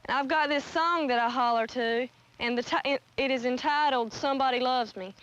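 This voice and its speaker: A woman's voice: sits high, a little fast. Young woman on dull, hissy film sound. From North Carolina. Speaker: hollering contestant. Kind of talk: documentary interview.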